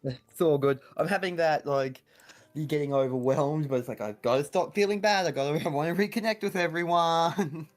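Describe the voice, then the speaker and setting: Australian man, casual call-in guest, easygoing and quick to laugh. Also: on the high side, faint music behind. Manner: relaxed and laughing often. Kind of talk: casual chat.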